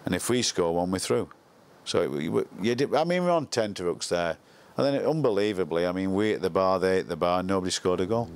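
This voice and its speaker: A man's voice: deep voice, animated, fast, few pauses, a little mellow. An older man recalling a football campaign in an interview, blunt and colloquial in his speech. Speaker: former football coach. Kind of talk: retrospective interview.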